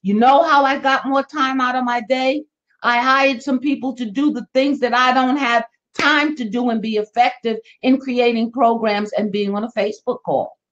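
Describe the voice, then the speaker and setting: Woman, motivational live-stream host, bit high, animated, repetitive for emphasis; muffled lo-fi sound. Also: normal speed. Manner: animated, repeats phrases, acts out little quoted voices. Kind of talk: motivational talk on a social media live stream.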